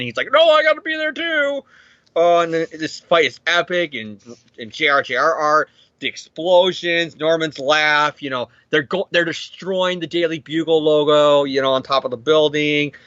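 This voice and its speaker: Excitable guy retelling a comic plot, bright tense voice, kinda dull dry recording. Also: a little high, no echo. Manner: animated, acts out characters in quick voices, swears. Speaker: podcast co-host. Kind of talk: casual comic recap.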